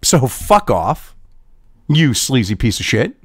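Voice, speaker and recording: A man's voice: mid-range voice, sing-song, slow pace, slightly rough, no echo. Profane, sarcastic ranting man. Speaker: political commentary host. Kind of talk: ranting commentary reading an article.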